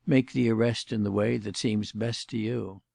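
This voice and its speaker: A man reading a calm, methodical doctor-detective. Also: lowish voice, creaky, dry recording, studio quality. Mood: reasoned. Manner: measured and explanatory.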